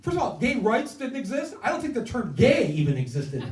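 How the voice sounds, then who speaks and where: This older man's voice is extremely high, swooping wildly in pitch as he speaks fairly quickly. He's a campaign guest speaker giving a rousing indoor stump speech, hammering points with repeated phrases. It's captured from afar in an echoey room.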